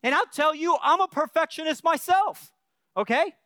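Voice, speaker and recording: Brief: male pastor preaching, very high smooth voice, earnest and conversational, dry close recording. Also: expressive, normal speed, pushed and bright, no room sound. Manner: earnest, keeps checking in with the congregation, frequent restarts. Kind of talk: sermon.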